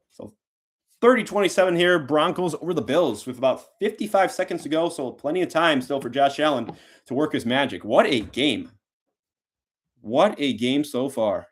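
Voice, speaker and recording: A man hosting a live football watch-along, calling plays and reacting, with excited jumps between loud calls and quiet asides. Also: medium pitch. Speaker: sports talk host.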